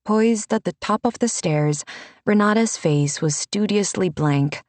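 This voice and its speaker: Brief: woman audiobook narrator, measured, dry studio. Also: mid-range voice, a little mellow, no room sound. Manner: measured, unhurried.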